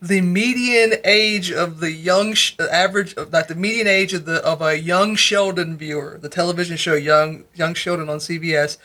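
High-voiced, bright man chatting. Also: fairly even intonation, moderate pace, hardly any pauses. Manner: chatty, self-correcting. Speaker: podcast co-host. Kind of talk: casual chat.

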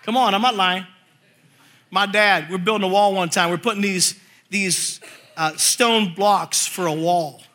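High-voiced, bright-toned male preacher. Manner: animated storytelling, jokes and voices; reads scripture slowly and forcefully. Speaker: pastor. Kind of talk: sermon.

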